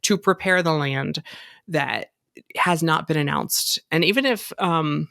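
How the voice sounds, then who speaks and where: A woman's voice: deep voice, measured pace, creaky, a bit bright, dry recording, studio quality. A woman co-hosting a podcast in casual chat, rambling with frequent restarts and laughs. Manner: rambling, giggly, lots of restarts. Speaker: podcast co-host.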